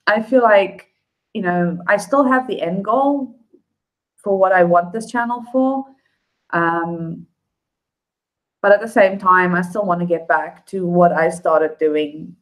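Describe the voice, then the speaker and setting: Lady vlogger live streaming, kinda low voice, rambly and heartfelt, lots of ums. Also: low-quality recording. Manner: rambling and heartfelt, many fillers. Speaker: YouTube vlogger. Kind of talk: casual live-stream chat.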